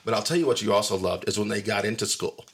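A man's voice: on the low side, quick pace, crowd noise. A middle-aged man hosting a podcast in casual, joking chat, teasing and laughing often. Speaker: podcast host.

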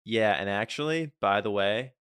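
A man's voice: on the low side, moderate pace, a bit bright, clean tone, dry recording, clean studio sound. A man co-hosting a casual podcast, joking around and slipping into mock voices for the people he talks about. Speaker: podcast co-host. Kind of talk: casual chat.

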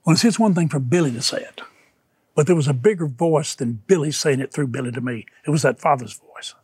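A man's voice: fairly high pitch, fairly quick, darkish tone, breathy edge, dry recording. An older man, an evangelist guest, telling stories fervently in a conversation and repeating phrases for emphasis. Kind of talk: emotional storytelling in conversation.

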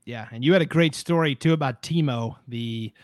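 A man's voice: medium pitch, moderate pace, dry recording. Man hosting, dry close sound. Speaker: podcast host. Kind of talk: casual sports podcast chat.

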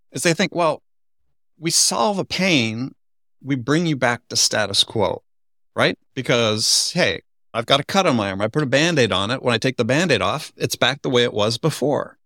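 A man's voice: mid-range voice, fairly bright tone, no room sound, studio quality. An older man hosting a roundtable discussion, talking in a thoughtful, searching way with many restarts. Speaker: podcast host.

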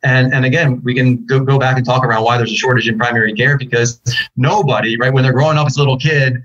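Fast-talking husky male physician. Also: mid-range voice, steady tone, a bit bright, lo-fi sound. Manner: emphatic, frequent "right?" tags and restarts. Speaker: physician leader. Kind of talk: panel discussion.

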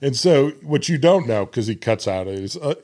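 A man co-hosting a podcast in a cigar shop, chatting casually with a deep voice and frequent laughs. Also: normal speed. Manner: laughs often, relaxed and self-deprecating. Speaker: podcast host. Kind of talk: casual chat.

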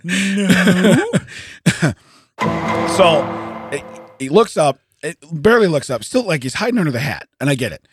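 A hoarse man co-hosting a podcast, telling a story in casual chat, laughing often and acting out the people he quotes. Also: fairly high pitch, sing-song, a little slow, long pauses, over loud music. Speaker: podcast co-host. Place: podcast studio.

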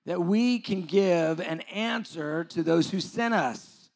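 A man's voice: a little high, expressive, unhurried, hardly any pauses. A middle-aged man preaching a sermon as pastor, moving from conversational asides to emphatic, rising questions. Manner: conversational asides with filler words.

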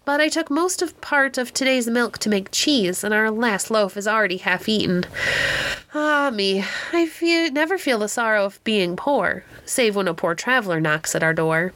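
A woman's voice: medium pitch, expressive, moderate pace, a bit bright, lightly acted. A woman voicing a poor, kind-hearted old wife who speaks earnestly and apologetically in a storybook reading. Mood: earnest, apologetic.

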